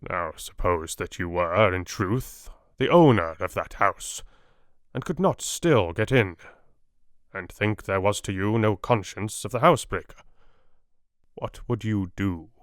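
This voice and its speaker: A man reading a wise, earnest elderly Dutch professor in an audiobook, speaking in broken, measured English. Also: lowish voice, animated, no room sound, studio quality. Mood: reasoning. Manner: broken, foreign-sounding English phrasing, grave and measured.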